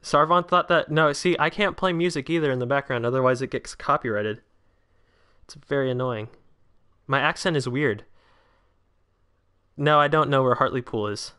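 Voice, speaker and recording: A nineteen-year-old man hosts a casual livestream, chatting with viewers and reading their comments aloud, then bursting out excitedly at big chances. His medium-pitched voice is smooth, at normal speed, with frequent pauses.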